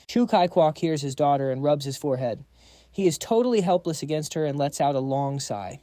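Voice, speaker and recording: A man narrating a comic story recap in an even storytelling delivery. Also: on the high side, fairly quick, no room sound, studio quality.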